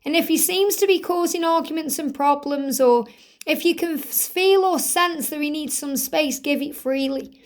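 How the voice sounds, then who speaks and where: A woman with a slightly croaky throat, giving an earnest spiritual card reading and relaying messages in the first person. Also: sits high, moderate pace. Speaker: tarot reader.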